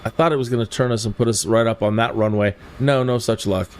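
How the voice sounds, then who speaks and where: A man's voice: mid-range voice, fairly even intonation, fast talker, a little mellow, a little hiss or hum. A man hosting a flight sim livestream, rambling casually and talking straight to his viewers. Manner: rambling, chatty, addresses viewers directly.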